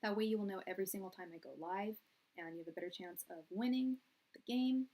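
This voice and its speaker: A woman hosting a tarot live stream from a room at her parents' house, chatting in a soft, soothing voice with many fillers and restarts. Her audio comes through quiet and low. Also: fast, rough recording. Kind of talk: casual live-stream chat. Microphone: quiet, low-level live-stream audio.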